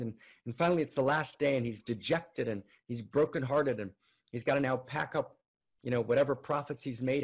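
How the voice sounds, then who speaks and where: Gravelly husky male storyteller. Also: mid-range voice. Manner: animated, frequent "right?" tags. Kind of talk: oral folk tale telling.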